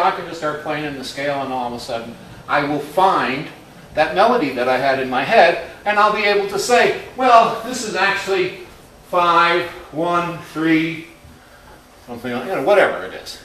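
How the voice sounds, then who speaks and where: A man teaches a music class, singing out rhythms on nonsense syllables between explanations, his voice pitched a little high. He sounds far from the recorder in a very echoey classroom, with faint music in the background. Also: moderate pace, pushed and bright, slight background noise. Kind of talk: classroom lesson. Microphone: distant recorder in the room.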